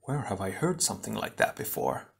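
A man voicing a cold, aloof male ice hero who speaks grimly and quietly. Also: huge pitch swings, brisk, gravelly, heavily acted. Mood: hesitant. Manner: grim, low and quiet.

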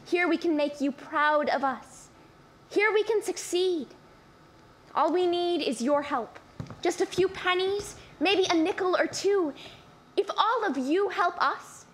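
A woman's voice: very high voice, fairly bright tone. A woman playing an earnest young schoolgirl. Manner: earnest, pleading. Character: earnest young girl, older sister. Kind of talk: stage play acting.

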